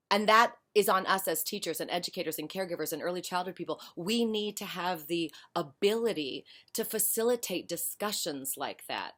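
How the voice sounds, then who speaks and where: A woman educator talking frankly and passionately about teaching practice in her own lower-pitched voice. She leans hard on key points and speaks emphatically. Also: expressive, brisk, few pauses, a bit bright. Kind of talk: casual spoken commentary.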